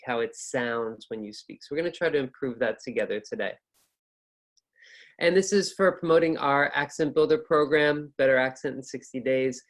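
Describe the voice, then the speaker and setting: Upbeat American male teacher in his 30s, chatty and casual, mid-pitched. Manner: upbeat, chatty, with fillers and restarts. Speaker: ESL and test-prep teacher. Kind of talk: casual online lecture.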